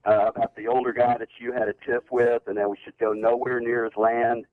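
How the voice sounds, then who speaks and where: A man's voice: medium pitch, level tone, brisk. A man calling into a talk show as a guest, telling his side of a story with wry, dry humor. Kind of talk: casual talk show interview. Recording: tinny phone line.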